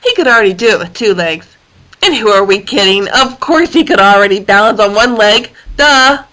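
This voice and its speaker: Give me a woman narrating a children's story in a lively, playful read-aloud. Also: medium pitch, a little fast, low-quality recording. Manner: playful, animated reading with sound effects.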